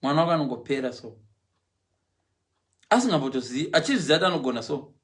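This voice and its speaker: A man's voice: fairly high pitch, racing. A middle-aged man chatting casually on a live stream, mixing English and Shona and acting out voices. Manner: animated, switches often between English and Shona; acts out quoted voices and animal sounds.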